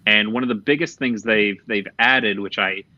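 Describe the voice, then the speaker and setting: Bright-voiced low male podcast host. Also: moderate pace. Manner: candid, casually swearing, trailing off mid-thought. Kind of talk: casual chat about video games. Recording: dull, slightly lo-fi podcast audio.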